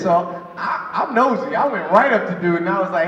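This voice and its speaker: A man's voice: high voice, animated, normal speed, hardly any pauses, fairly bright tone. A man from New York doing a crude stand-up comedy set at a bar, laughing at his own jokes. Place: bar stage with live audience. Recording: roomy, distant, muffled bar recording with noise.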